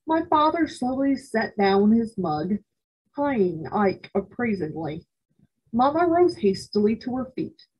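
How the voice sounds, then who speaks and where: A woman at a library reading a children's novel aloud in a measured, expressive way. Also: mid-range voice, husky, dull audio. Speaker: library storyteller.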